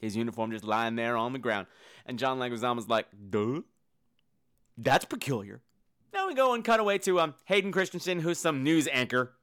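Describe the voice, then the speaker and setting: A man's voice: medium pitch, fast, fairly bright tone, clean tone. A man hosting a casual, comedic movie review show, full of campy, sarcastic asides. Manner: breaks into sung and squealed impressions.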